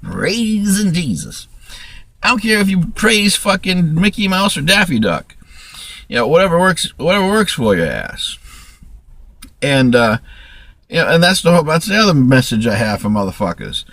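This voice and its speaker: A man's voice: on the high side, sing-song, normal speed, fairly bright tone, dry recording. A man ranting in a rambling, profane monologue to camera, restarting sentences often. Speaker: vlogger.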